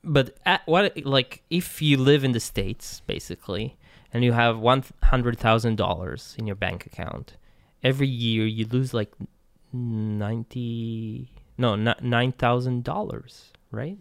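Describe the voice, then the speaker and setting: A man's voice: mid-range voice, unhurried, gravelly, smooth, no room sound, studio quality. A man, a Hebrew speaker, co-hosting a podcast and sometimes searching for the right English word. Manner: hesitant, searches for words. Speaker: podcast co-host. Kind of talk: casual political chat.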